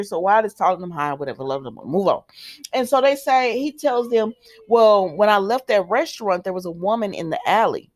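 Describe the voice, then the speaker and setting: A chatty young woman runs through a soap opera episode for her viewers. Her voice sits at an ordinary middle pitch. She talks straight to her audience in a casual, animated way. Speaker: soap opera recap vlogger.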